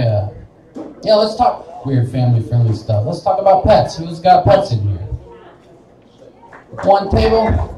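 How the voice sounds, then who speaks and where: A man's voice: mid-range voice, warm tone, a little hiss or hum. A young man from Wichita doing a rambling, self-deprecating stand-up set in a bar, often laughing at his own jokes. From Wichita, Kansas. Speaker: stand-up comedian. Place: small bar, live stage. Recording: echoey bar room, voice from a distance.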